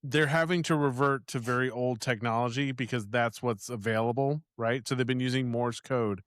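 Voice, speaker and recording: A man's voice: medium pitch, steady tone, normal speed, a bit bright. A man co-hosting a podcast, joking and laughing through a casual chat about a film, with some swearing. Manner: jokey, laughs often, swears. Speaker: podcast co-host.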